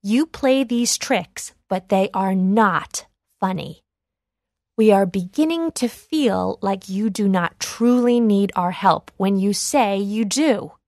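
Kind villagers in a storybook scold a boy in a firm, measured tone, voiced by a woman reader. The pace is slow and deliberate. The sound is dry and close. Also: mid-range voice, lively intonation, darkish tone, no room sound. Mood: stern.

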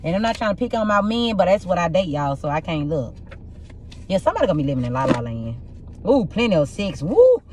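A young woman with a rough, husky voice, doing a casual tarot reading and telling blunt, profane stories in an animated way. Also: lowish voice, quick pace, noisy background. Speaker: tarot reader.

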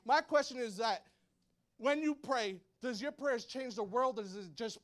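A male pastor in his thirties preaching a sermon to a congregation, telling lively stories and acting out shouts and quotes. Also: very high voice, normal speed. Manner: animated storytelling, acts out shouts and quotes. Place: church hall before a congregation.

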